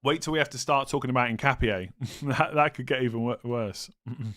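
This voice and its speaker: Young male streamer, mid-range voice, relaxed chat-reading delivery with self-deprecating jokes. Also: mid-range voice, fairly quick. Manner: thinks aloud, reads chat, self-mocking humor. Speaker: streamer answering viewer questions. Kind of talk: casual live stream chat.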